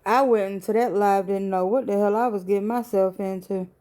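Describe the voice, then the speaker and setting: A woman's voice: medium pitch, fairly even intonation, a little fast, warm tone. A woman hosting a casual live stream from home at night, sleepy and yawning, greeting viewers in a laid-back, profane way. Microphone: phone.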